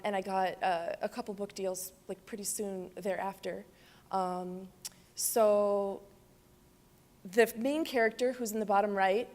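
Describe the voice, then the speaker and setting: Woman illustrator chatting on stage, lots of um and like, reverby hall. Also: medium pitch. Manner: halting, many fillers. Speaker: children's book illustrator. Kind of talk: casual presentation talk. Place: library event hall.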